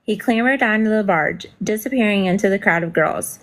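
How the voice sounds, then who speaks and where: A woman's voice: medium pitch, a little fast, rough recording. A woman reading a novel aloud during a casual stream, with brief asides and spelled-out words.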